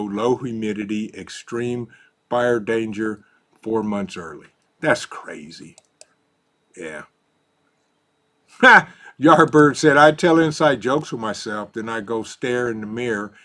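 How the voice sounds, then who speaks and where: A man hosts a casual live stream, reading out viewer comments, laughing easily and coaxing his dog. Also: mid-range voice. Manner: easygoing, laughs often, talks softly to his dog.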